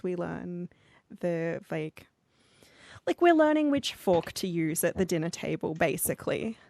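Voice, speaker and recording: Chatty woman, lowish voice. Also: dry recording. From Australia. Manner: chatty, animated storyteller with fillers like "like". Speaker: podcast co-host. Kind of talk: casual chat.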